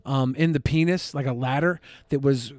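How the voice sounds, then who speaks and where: A man telling crude stories in a deadpan way during a casual podcast chat. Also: mid-range voice, moderate pace, no echo. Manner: deadpan storytelling with crude humor. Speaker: podcast co-host.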